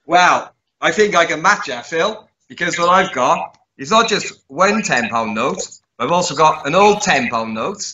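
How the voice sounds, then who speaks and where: A man co-hosting a casual podcast, delivering dry deadpan jokes between hesitant ums. His voice is fairly high and very bright and forceful, and the audio sounds slightly dull and muffled. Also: unhurried, hardly any pauses. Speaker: co-host.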